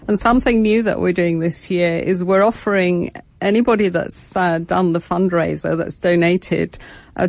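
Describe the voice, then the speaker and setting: A woman's voice: on the low side, creaky, darkish tone, no echo. A woman speaking as a guest on a radio interview, chatty and encouraging. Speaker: sobriety program founder, guest.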